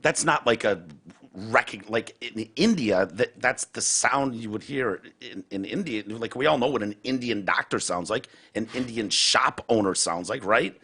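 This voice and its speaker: A man's voice: medium pitch, unhurried, bright, forceful tone, breathy edge. A man hosting a casual podcast chat, blunt and profane, thinking aloud as he talks. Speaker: podcast host.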